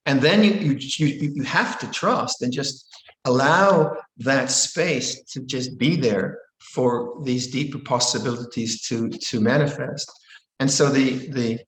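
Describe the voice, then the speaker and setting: Older man, Buddhist monk, calm dharma talk, halting restarts, mid pitch, echoey room. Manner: calm, repetitive phrasing with frequent restarts. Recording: roomy echo.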